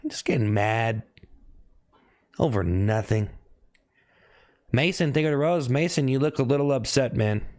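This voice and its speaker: A male streamer who keeps prodding his viewers with the same mocking questions over and over. His voice sits at a middling pitch, and he suddenly breaks off into high yelps. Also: lively intonation, unhurried, pauses often, a little mellow. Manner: teasing, repetitive needling questions. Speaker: live streamer. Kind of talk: live stream chat banter.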